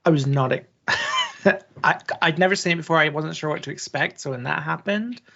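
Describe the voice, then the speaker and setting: A podcast co-host in casual chat, relaxed and laughing easily while asking questions about the film. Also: medium pitch, normal speed, creaky, highs cut off.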